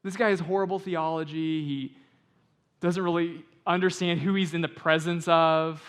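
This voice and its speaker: Preaching as pastor, this man speaks in a voice on the high side. His sermon moves from slow, quiet scripture reading to conversational explanation and stretches of loud emphasis.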